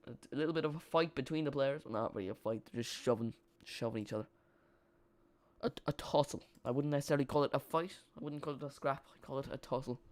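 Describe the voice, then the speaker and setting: A man's voice: medium pitch, quick pace, no room sound. A man streaming a live football watch-along, chatting casually and often repeating or correcting himself.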